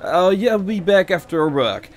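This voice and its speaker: A man voicing a businesslike middle-aged police chief in an audiobook, talking in a brisk, clipped way. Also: high voice, sing-song, faint music behind, voice pushed up. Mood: reassuring. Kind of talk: audiobook character voice.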